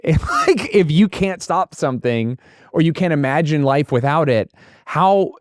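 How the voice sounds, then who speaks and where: Animated joking man on a podcast. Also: on the high side, a little slow, no room sound, studio quality. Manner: animated, joking, does funny voices. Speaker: comedian guest. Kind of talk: casual conversation.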